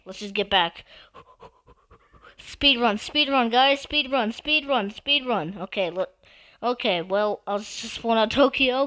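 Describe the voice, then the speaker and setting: A woman giving live gameplay commentary, excitable and given to repetitive trash talk at other players. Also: medium pitch. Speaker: gamer.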